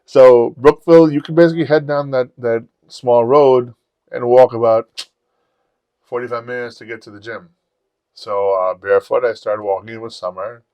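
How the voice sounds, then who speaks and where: Guy hosting a podcast, swears a lot, acts out dialogue, middle pitch, dry close sound. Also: steady tone, moderate pace, dark tone, no echo. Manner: profane, rambling, acts out quotes. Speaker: podcast host. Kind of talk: casual storytelling.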